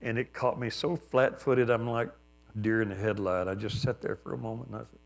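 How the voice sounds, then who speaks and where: An older man, a pastor, telling a personal story in a sermon, reflective and plain-spoken with gentle humor. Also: fairly low pitch, steady tone, brisk, vocal fry.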